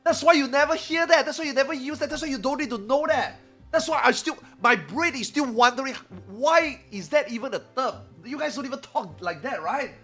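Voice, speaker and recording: A man in his forties chatting casually on a live stream, animated and laughing as he mocks slang. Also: very high voice, breathy edge. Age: 40s. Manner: animated, laughing, mocking slang in comic voices.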